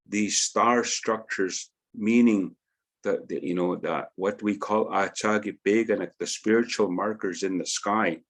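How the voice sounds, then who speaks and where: Middle-aged male teacher, low voice, unhurried delivery that repeats words and tags phrases with "eh?", teaching at home. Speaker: Indigenous knowledge teacher. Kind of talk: spoken teaching with demonstrations. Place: indoors at home.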